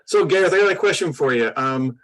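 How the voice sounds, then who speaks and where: A man with an American accent co-hosting a podcast, casually interviewing a guest in a relaxed, friendly way. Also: a little high, fairly quick, low-quality recording. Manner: relaxed, friendly, loose with "like" and "you know". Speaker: podcast co-host.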